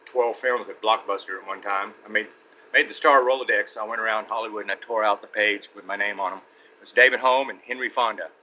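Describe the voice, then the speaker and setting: Chatty Texan man, very bright tone. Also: on the low side, fairly even intonation, brisk. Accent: Texan Southern. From East Texas. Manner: chatty, rambling, laughs between anecdotes. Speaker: guest actor. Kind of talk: casual interview storytelling. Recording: muffled podcast audio with faint hiss.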